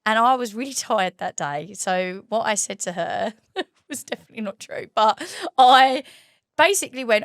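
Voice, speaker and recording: A bubbly woman hosts a casual chat, her voice sitting a little high as she rattles off stories between fits of giggles. The recording is close and dry, with no room sound around her. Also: moderate pace, dry recording. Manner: giggly animated storytelling. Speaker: host and waxing trainer.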